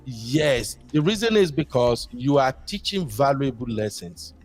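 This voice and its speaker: A man's voice: mid-range voice, very animated, a little slow, soft background music. Rambling Nigerian man calling in. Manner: rambling, switches into Pidgin. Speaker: caller. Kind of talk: casual call-in chat.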